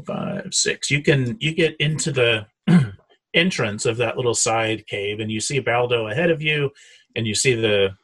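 Man, tabletop game master, husky low voice, halting delivery. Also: fairly bright tone. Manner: hesitant, many fillers and restarts.

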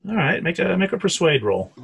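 A man's voice: high voice, sing-song, fairly quick, gravelly, slightly rough. A man narrating as game master of a tabletop game, hesitant with many fillers and restarts.

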